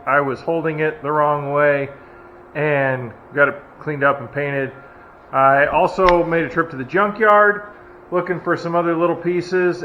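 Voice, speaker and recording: With a slightly high voice, a man restoring a truck as a hobby keeps up easygoing, self-mocking chatter while he works on it in his garage. The audio is dull and lo-fi with faint noise, and logging machinery can be heard next door.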